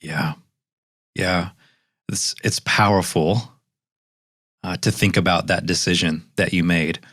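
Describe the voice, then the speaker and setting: A man hosting a podcast interview, asking in a thoughtful, gently probing way. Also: sits low, steady tone, slow, no echo, studio quality. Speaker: podcast host. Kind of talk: interview conversation.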